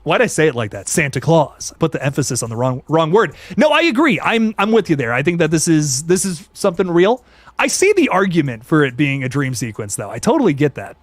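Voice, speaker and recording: Lively, dry-miked young man chatting. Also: on the high side, fast talker, no echo. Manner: excitable, laid-back slang, frequent laughs and restarts. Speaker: youtube host reading live chat. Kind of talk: casual live-stream chat.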